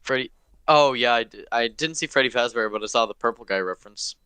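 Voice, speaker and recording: A man's voice: medium pitch, fast, sharp tone, clear, resonant tone, dry recording. A man co-hosting a casual podcast chat, joking in a dry, playful way. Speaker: podcast co-host.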